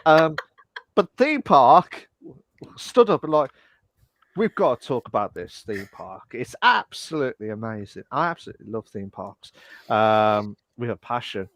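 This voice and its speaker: Brief: male podcast co-host, lively, up-and-down delivery, playful, close dry mic. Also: medium pitch, a little slow, no room sound. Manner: playful, slips into silly voices. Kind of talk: casual chat.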